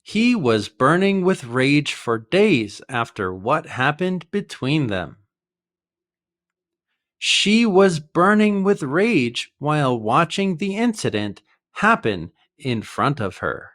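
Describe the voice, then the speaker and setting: A man teaching an English idiom lesson, explaining each phrase slowly and carefully with example sentences. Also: on the high side, sing-song, a bit bright.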